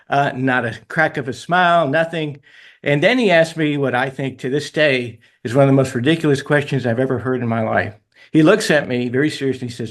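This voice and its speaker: A middle-aged man speaks as an author guest on a radio interview. He tells stories animatedly, moving between earnest points and self-deprecating laughs, in a middle-pitched voice. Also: brisk, fairly bright tone.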